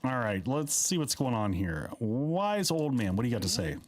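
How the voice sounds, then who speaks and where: A man's voice: on the low side, sing-song, fairly quick. A man playing a game live, chatting casually and reading the on-screen dialogue aloud in a playful way. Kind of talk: casual live-stream commentary.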